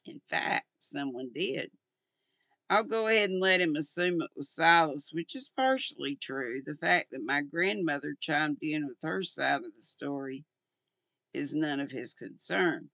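An older woman reading aloud as a sassy, quick-witted young woman sleuth, in a plain storybook voice. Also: low voice, lively intonation, creaky, fairly bright tone, dry recording, full character voice.

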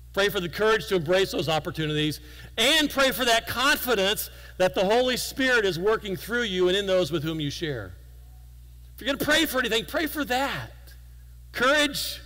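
A man giving a guest sermon in a church, telling stories in a relaxed, conversational way with self-deprecating humor. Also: sits high, long reverb tail, rough recording. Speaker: guest preacher. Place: church sanctuary.

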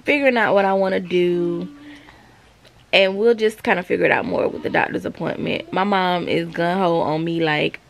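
A thirtysomething mother from South Carolina vlogs a casual, confiding chat to her viewers at home. Her voice sits on the low side with some vocal fry at a normal speed, and a faint hiss or hum runs under the recording.

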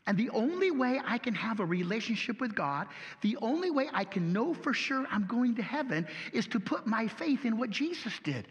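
High-voiced male pastor, lively and folksy in delivery, with long church-hall reverb. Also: highs cut off. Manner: animated, folksy, rhetorical questions. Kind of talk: sermon.

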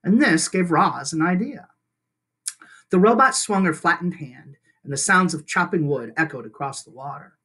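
Expressive storybook reader, lively pitch. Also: normal speed. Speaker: teacher reading aloud. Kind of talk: reading a children's novel aloud.

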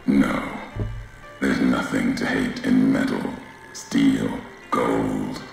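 An actor playing a grim, weary wasteland courier in a video game, speaking in a raspy, deep voice with slow, clipped, terse sentences. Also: male voice, steady tone, a little mellow, heavy reverb, faint music behind, exaggerated voice.

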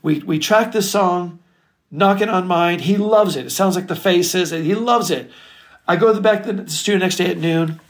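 A middle-aged record producer telling stories in an interview, animated and casual, swearing freely. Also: male voice, high voice, moderate pace. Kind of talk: storytelling interview chat.

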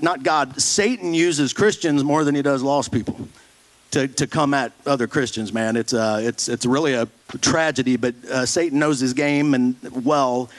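A man's voice: medium pitch, normal speed, poor audio. A man preaching a sermon in a blunt, folksy way, mocking churchy phrases with put-on voices. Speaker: pastor.

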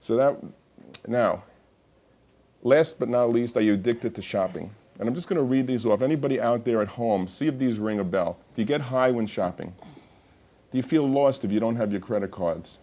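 A man's voice: mid-range voice, expressive, moderate pace, mellow. A man hosting a TV health show, talking casually and chatting to viewers. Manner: chatty, laughs through his own joke. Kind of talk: casual TV talk.

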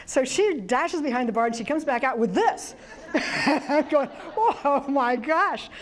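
Middle-aged woman presenter, animated storyteller, talks to a live audience. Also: high voice, measured pace. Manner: chatty, animated storyteller with many restarts and laughs.

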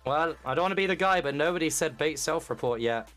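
Gamer, quick talk, joking and teasing, mid pitch. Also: lively intonation, fairly bright tone, faint music behind. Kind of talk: casual game chat on voice call.

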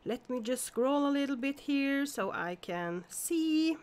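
A woman's voice: a little high, animated, unhurried, hardly any pauses, darkish tone. A woman from Norway hosting a casual live stream, chatting and greeting viewers by name with frequent laughs.

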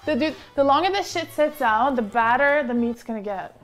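A young woman in casual talk with friends, blunt and earnest. Her voice sits a little high. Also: expressive, moderate pace, fairly bright tone, soft background music, poor audio. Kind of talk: casual banter.

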